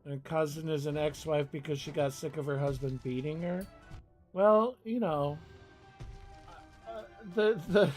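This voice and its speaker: A man's voice: fairly high pitch, a little slow, a little mellow, soft background music. A young man streaming a game, chatting casually in a rambling, profane way and laughing often. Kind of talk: casual chat while gaming.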